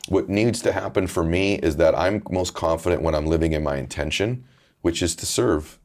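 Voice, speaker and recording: A man's voice: low-pitched, moderate pace, a little mellow. A middle-aged man, a podcast host and author, speaking earnestly in a candid interview and telling an emotional personal story.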